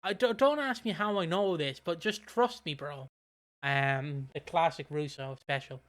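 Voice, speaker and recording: Bright, crisp-voiced man chatting casually. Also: fairly high pitch, measured pace. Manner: rambling, lots of fillers and restarts, swears freely. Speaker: podcast co-host. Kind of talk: casual chat reviewing wrestling.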